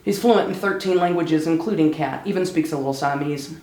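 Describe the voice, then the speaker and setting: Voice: medium pitch, fairly quick, darkish tone, close to an everyday voice. Give me a storyteller doing a playful dad telling tall tales with a straight face, echoing in a hall. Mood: deadpan boasting. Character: storyteller's late father, a playful middle-aged man spinning tall tales.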